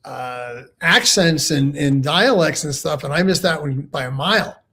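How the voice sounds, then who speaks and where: A middle-aged man with a fairly high voice talks as a guest expert. His speech is halting and full of restarts. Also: bright, forceful tone, slightly rough. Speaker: law enforcement guest expert. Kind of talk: casual talk show chat.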